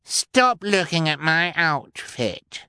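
A man voicing a spoiled, rude little girl in a high, sneering, bratty voice. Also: very animated, slow pace, sharp tone, smooth, no echo, studio quality, exaggerated voice.

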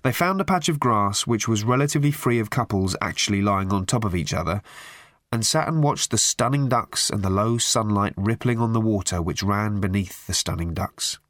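A man narrating an audiobook with a wry, expressive delivery. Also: fairly low pitch, normal speed, dry recording, clean studio sound. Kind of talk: scripted narration.

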